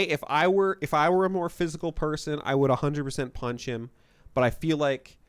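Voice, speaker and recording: A man live-streaming a video game, chatting with viewers and reading lines aloud, loud and animated and laughing often. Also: mid-range voice, clean tone, no room sound. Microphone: desk mic with limiter.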